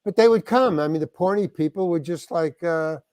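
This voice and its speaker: Older man from New York, fairly high voice, dry close sound, rambling interview storytelling. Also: a little fast, darkish tone, no echo. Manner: rambling, frequent restarts, acts out other people's lines. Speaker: guest actor.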